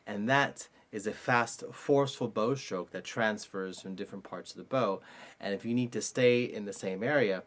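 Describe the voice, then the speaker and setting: A man's voice: on the low side, moderate pace, faint music behind. A man teaching an online cello lesson, explaining step by step and now and then singing note rhythms aloud.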